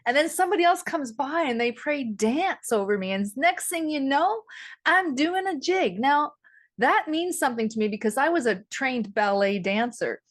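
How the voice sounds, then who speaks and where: Animated middle-aged woman host. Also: high-pitched, normal speed. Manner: lively, animated storytelling with laughter. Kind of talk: storytelling in an interview.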